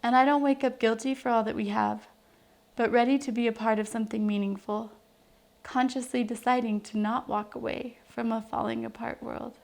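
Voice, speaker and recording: A woman's voice: fairly high pitch, steady tone, moderate pace, creaky, a little mellow. A woman from New Mexico, around her thirties, reading a heartfelt, personal letter to her young daughter in an earnest, reflective way.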